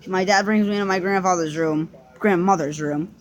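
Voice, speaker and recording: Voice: mid-range voice, a little fast. A young person casually telling a personal story to the camera, rambling through restarts and fillers and swearing now and then.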